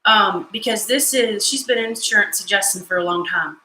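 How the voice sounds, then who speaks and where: A bright, chatty woman talks her viewers through a recipe live from her home kitchen. She jokes and chats in a folksy, animated way. The room rings with echo, and a faint hum sits underneath. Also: mid-range voice, moderate pace. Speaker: home cook hosting a live stream. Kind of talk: casual live cooking chat.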